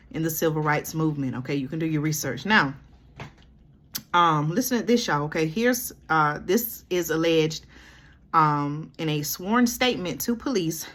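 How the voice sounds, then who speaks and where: A woman's voice: deep voice, fairly bright tone. A woman from Georgia, commenting on a news article she reads aloud, breaking in often with "okay?" and "y'all". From Georgia, USA. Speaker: commentary vlogger.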